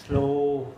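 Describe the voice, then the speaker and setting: A man with an Irish accent telling a folk tale live in an animated way, full of comic asides. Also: sits high, echoey room, heavy background noise. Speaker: storyteller.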